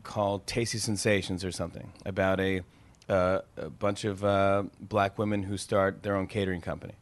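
A man, a comedian and TV host, telling animated stories and laughing often in a casual interview. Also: low voice, normal speed.

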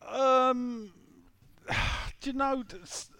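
A man's voice: very high voice, steady tone, drawn-out words, sharp tone, no room sound. A man, co-hosting a casual podcast chat, joking and rambling with stop-start phrasing. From London. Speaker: podcast co-host.

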